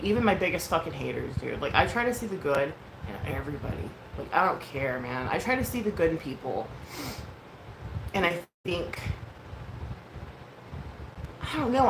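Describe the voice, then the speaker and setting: A woman in her thirties telling a story in a casual rant, frank and profane, with lots of fillers. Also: lowish voice. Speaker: vlogger. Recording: echoey room with clear background noise.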